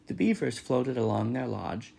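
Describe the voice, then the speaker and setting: A man's voice: mid-range voice, normal speed, vocal fry, slightly rough. A man reading a children's novel aloud, narrating steadily. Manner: steady storytelling. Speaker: reader.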